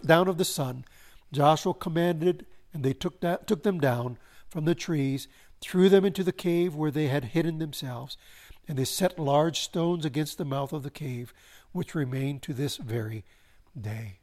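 A man preaching a sermon, swelling to emphasis and slowing into solemn pauses. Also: a little high, a little mellow. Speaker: pastor.

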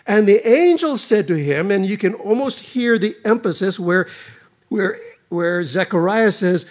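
A man preaching a sermon, speaking emphatically with dramatic pauses and repeated phrases. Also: sits high, expressive. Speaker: pastor.

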